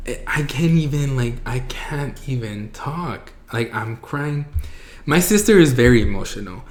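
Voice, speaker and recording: A man's voice: mid-range voice, measured pace. Guy in his 20s telling his story to camera, emotional, lots of "like", echoey room. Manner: emotional, voice breaking near tears at times; casual, many "like"s, mixing in Spanish phrases. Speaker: vlogger.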